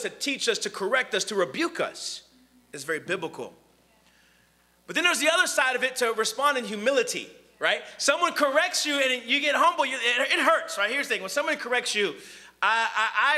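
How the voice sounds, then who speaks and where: Lively high-voiced bright male preacher. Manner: animated, conversational, acts out quoted voices. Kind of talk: sermon.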